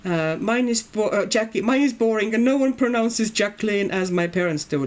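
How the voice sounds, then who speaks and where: A woman's voice: medium pitch, lively intonation, moderate pace, few pauses. A woman streaming while she colors, chatting casually and reading her viewers' comments aloud. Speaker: coloring livestreamer. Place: at home in Brazil.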